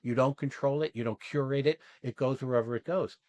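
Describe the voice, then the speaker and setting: A man coaching actors after an exercise, talking casually and acting out quoted lines in animated bursts, often asking "right?" and swearing now and then. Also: medium pitch, a little fast, dry recording. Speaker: acting coach and podcast host.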